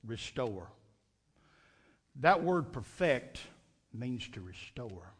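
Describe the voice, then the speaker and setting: A man's voice: mid-range voice, big pitch swings, very slow, slightly rough. A man preaching a fervent Sunday night sermon, repeating and restarting phrases as he builds his points.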